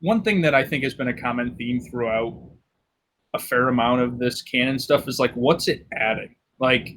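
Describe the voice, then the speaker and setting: A man's voice: medium pitch, moderate pace, a bit bright. A man co-hosting a podcast, rambling through a story in casual banter with lots of filler words. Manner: rambling, filler-heavy, self-correcting. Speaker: podcast co-host.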